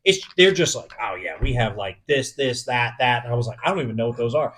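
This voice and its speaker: A young man tells a spooky story on a casual podcast. He curses freely, and his voice gets louder and more animated when he relives the scary parts. His voice sits at an ordinary pitch for a man. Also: fast. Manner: swears a lot, animated when retelling fright. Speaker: podcast co-host.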